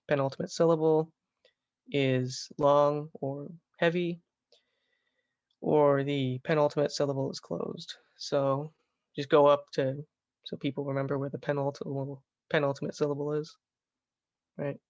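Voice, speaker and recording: A man walks through a slide lesson, stopping often to correct himself. His voice sits a little high and stays flat, with little rise and fall. The sound is dry and dull, as if from a simple home setup. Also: dry recording. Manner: halting, self-correcting explanation with fillers. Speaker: Latin teacher.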